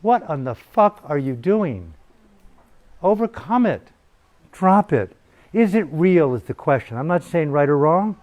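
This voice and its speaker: A man's voice: on the high side, lively intonation, normal speed, few pauses, a little mellow. Provocative, swearing male meditation teacher. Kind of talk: profane dharma talk. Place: retreat hall in Bali.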